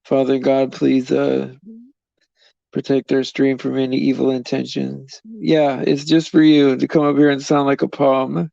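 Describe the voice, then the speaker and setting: Mellow and gravelly at a medium pitch, the livestream host speaks in a level, unhurried tone while he rambles loosely with his viewers and chuckles frequently. The recording is dry and close, with the slightly dull, lo-fi quality of stream audio.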